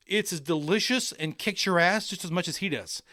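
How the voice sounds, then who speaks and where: Wysoki, jasny głos luźnego prowadzącego. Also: male voice, high voice, normal speed, no room sound, clean studio sound. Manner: crude, excitable, rambling. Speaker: podcast co-host. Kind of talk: casual podcast banter.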